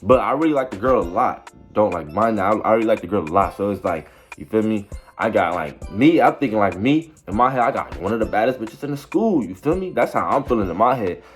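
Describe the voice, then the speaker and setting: A man's voice: lowish voice, animated, fairly quick, faint music behind. A young man telling a story in a casual, rambling way, full of slang and repeating "you feel me". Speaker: vlogger.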